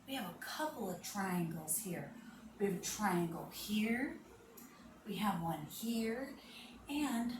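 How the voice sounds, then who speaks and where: A woman guides children through yoga at a slow, gentle pace, and her voice carries a playful warmth when she makes animal noises. She sounds distant from the microphone in an echoey room, with noticeable background noise. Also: medium pitch. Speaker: kids' yoga teacher.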